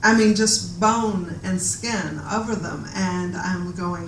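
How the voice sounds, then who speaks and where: A woman giving a reflective talk about her own experiences to a gathered audience, pausing and restarting as she goes. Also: on the low side, slight background noise. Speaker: guest speaker. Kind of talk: personal storytelling talk. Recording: echoey room from far off.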